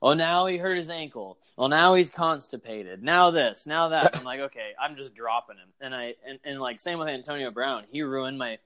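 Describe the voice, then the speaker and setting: A man's voice: medium pitch, moderate pace, hardly any pauses, sharp tone. Dude rambling on a sports podcast, tells stories and does the voices of people he quotes, swears a lot. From Arkansas. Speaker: podcast co-host. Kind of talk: casual chat.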